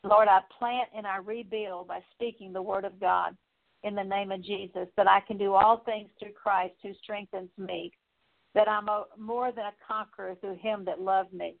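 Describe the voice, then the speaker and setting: Woman prayer leader, earnest confessional prayer, gravelly edge, flat delivery, phone-quality sound. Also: medium pitch, normal speed. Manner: earnest, repetitive confessional phrasing with fillers. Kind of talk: spoken prayer. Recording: tinny phone-like audio.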